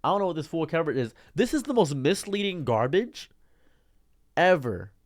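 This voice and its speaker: A young man streamer giving an exasperated, animated ranting commentary. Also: on the high side, moderate pace.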